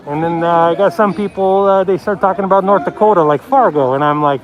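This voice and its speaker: A man from the Pacific Northwest rambles briskly through casual live-stream commentary while filming a city protest on his handheld phone, with the highs cut off in the audio. His voice often goes low against the loud surrounding crowd.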